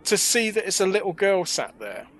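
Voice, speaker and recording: A man's voice: high voice, very animated, moderate pace, a bit bright. A man co-hosting a podcast, chatting casually and mocking with jokes and little put-on voices. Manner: joking, mocking, acts out voices. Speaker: podcast co-host. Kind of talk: casual chat.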